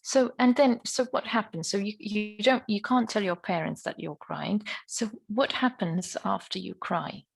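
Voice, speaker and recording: A woman's voice: medium pitch, measured pace, gravelly, hardly any pauses, husky, rough recording. A woman teaching an online speaking lesson over a video call, patiently asking questions and giving encouraging praise. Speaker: English teacher.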